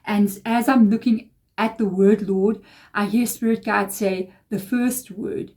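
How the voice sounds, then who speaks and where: Casual woman tarot reader, mellow, rambling and confiding. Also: medium pitch, fairly even intonation, measured pace. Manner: rambling, confiding, emotional asides. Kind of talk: casual tarot reading monologue.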